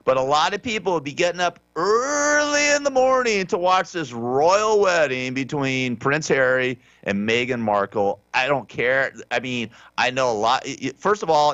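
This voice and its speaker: A man's voice: fairly high pitch, expressive, normal speed, hardly any pauses, a bit bright, no room sound, highs cut off. A man hosting a talk radio show, rambling through the day's stories in an offhand, sarcastic way with many restarts. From Southern California. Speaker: radio host. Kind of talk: casual talk radio monologue.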